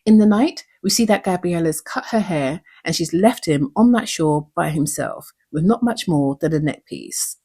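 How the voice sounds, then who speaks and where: A woman's voice: fairly low pitch, lively intonation, normal speed, few pauses, mellow, slightly rough. A woman hosting her own channel, breaking down a TV episode with earnest emotion and many rhetorical questions. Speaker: YouTube show recap host.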